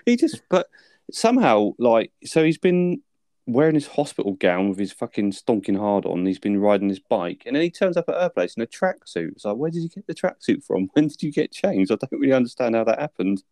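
Male co-host, young adult, mellow tone, profane animated film chat. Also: mid-range voice, a little fast, no echo, studio quality. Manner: sweary, animated retelling with laughs. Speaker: podcast co-host.

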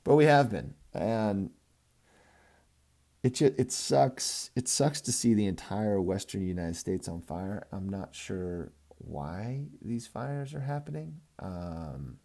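A man's voice: fairly low pitch, expressive, slow pace, creaky, warm tone. A young man from California rambling through a casual, profane monologue as a podcast host, joking and cursing freely.

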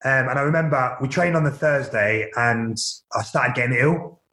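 A man recounts his playing days in a relaxed, open way. He restarts sentences often and leans on fillers. His voice bounces around an echoey room. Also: medium pitch, normal speed. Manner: candid, repeats words, many fillers. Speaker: former professional footballer, guest. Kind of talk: casual interview storytelling.

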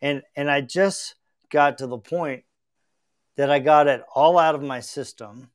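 A middle-aged man speaks in an unhurried, measured way, his voice clean and rounded. He hosts a podcast and tells a personal story with heartfelt sincerity, often restarting his sentences as he reflects. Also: on the high side. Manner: earnest and reflective, with frequent restarts. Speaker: podcast host.

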